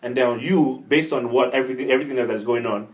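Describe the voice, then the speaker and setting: A man's voice: medium pitch, fast, distant mic, rough recording. A man raised in Nigeria in a casual discussion, working through his point with hypotheticals.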